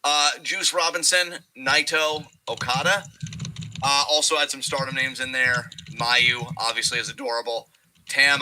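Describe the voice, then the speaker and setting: A young man co-hosting a wrestling podcast, talking casually and profanely and slipping into quick impressions of wrestlers. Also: medium pitch, pushed and bright, slight background noise, rough recording. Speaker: podcast co-host.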